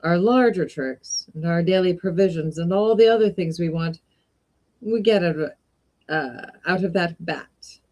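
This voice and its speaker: A woman reading a story aloud, voicing a tall, uncanny male magic shopkeeper who speaks in a deliberate, politely insistent way. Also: on the low side, darkish tone, close to an everyday voice. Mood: courteous.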